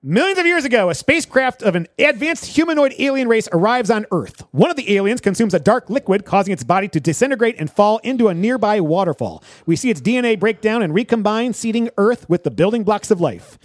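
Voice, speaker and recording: Brief: male podcast co-host, high and lively voice, dry close sound, animated storyteller. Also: fast, hardly any pauses, no room sound. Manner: animated storytelling, laughs often. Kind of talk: casual movie review chat.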